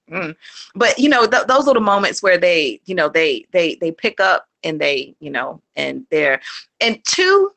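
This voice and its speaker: A woman and homeschooling mother, a guest in a casual interview. She talks in a rambling, animated way, with many fillers and restarts and quick laughs, and she acts out her children's lines. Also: lowish voice, vocal fry.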